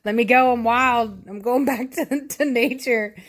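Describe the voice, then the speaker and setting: A woman voicing her female house cat in a higher, soft cooing voice. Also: a little slow, creaky, exaggerated voice. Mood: defiant. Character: sassy female house cat, contrite and cuddly.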